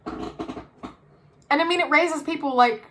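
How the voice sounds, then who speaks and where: Brief: high, bright-toned woman, animated podcast co-host, chatty storyteller. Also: a little hiss or hum. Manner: animated storyteller, quick jumps in pitch. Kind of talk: casual chat.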